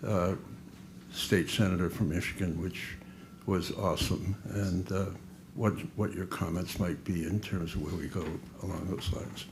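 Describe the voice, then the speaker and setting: A man's voice: sits low, fairly even intonation, unhurried, slight background noise. A man from the audience asking a question at a panel, hesitating often with uhs. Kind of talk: question from the floor.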